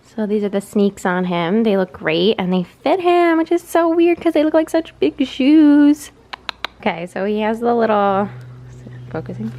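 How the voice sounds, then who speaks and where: Chatty young mom vlogging at home. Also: female voice, fairly high pitch, big pitch swings, moderate pace, warm tone. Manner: chatty, rambling with many fillers. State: pregnant, out of breath. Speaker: vlogger and mother. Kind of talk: casual home vlog.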